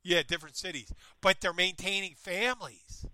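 Bright-voiced rambling male storyteller. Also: high-pitched, normal speed, no room sound. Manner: meandering, self-interrupting, animated retelling. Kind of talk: casual chat, rambling storytelling.

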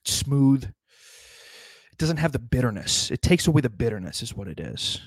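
A man's voice: mid-range voice, very animated, moderate pace, no echo. A man delivering a rambling, sardonic comedic monologue, swearing constantly as he riffs.

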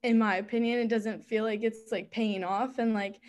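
Young woman student guest, slightly high, hesitant and filler-heavy. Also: fairly even intonation, moderate pace, darkish tone. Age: young adult. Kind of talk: casual chat.

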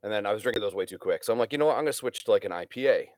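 A man's voice: lowish voice, expressive, very fast, dry recording. Rambling, swearing man with a dry sound. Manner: rambling storyteller, swears freely. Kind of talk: casual chat.

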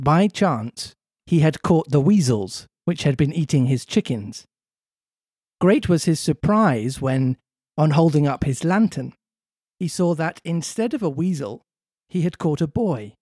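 A man reads a story aloud with a lively, playful manner and lots of movement in his pitch. His voice is dry and close to the mic, with no room sound. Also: measured pace, dry recording. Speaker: podcast host reading a story. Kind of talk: story narration with comic banter.

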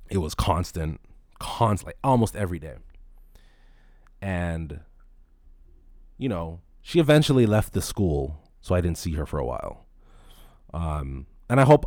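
Deep voiced guy in his late 20s hosting a podcast, cussing a lot, rambling story, lots of ups and downs, dry room. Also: no echo. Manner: profane, rambling, animated. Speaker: podcast host. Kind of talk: casual storytelling.

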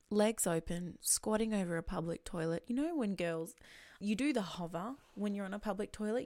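A young woman hosts her own podcast in a loose, candid chat. Her voice has a gravelly fry running through it, and she swears casually and keeps slipping into hushed, whispered asides. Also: medium pitch. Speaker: podcast host.

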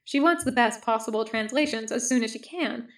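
A woman's voice: a little high, brisk, a bit bright. Woman reading as a stern formal male medic. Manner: formal, no contractions, lecturing. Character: calm stern male clone army medic.

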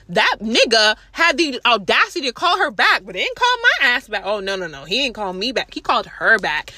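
A young woman telling a casual, profane story about a theft, acting out everyone's lines in lively voices. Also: a little high, moderate pace, hardly any pauses, no room sound. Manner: animated, profane, acts out others' voices.

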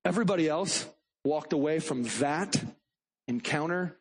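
Husky, high-voiced, animated preacher. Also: male voice, moderate pace. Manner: animated, dramatic, swings between loud pleading and soft tones. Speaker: pastor. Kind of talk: sermon.

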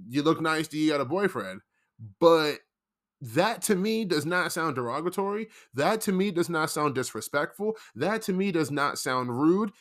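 A young man in a casual commentary monologue, rambling and defensive, explaining himself with emphatic repetition. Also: a little high. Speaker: commentary vlogger.

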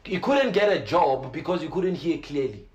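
Lively man preaching a story. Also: fairly high pitch, moderate pace, roomy sound, highs cut off. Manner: excitable, repeats words, laughs while talking. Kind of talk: animated storytelling.

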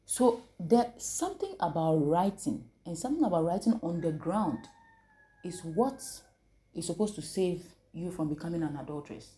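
A woman leads a Bible lesson and keeps asking her listeners questions so they answer back. Her voice sits low and sounds mellow and warm. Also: lively intonation, moderate pace. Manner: call-and-response, asks the listeners questions. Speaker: preacher. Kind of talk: interactive Bible teaching.

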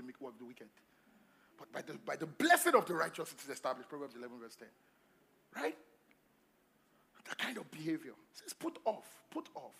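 A male pastor preaching a sermon at a church service, emphatic and repetitive, swinging between loud calls to the congregation and quiet asides. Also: a little high, slightly rough. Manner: repeats phrases and asks the congregation questions.

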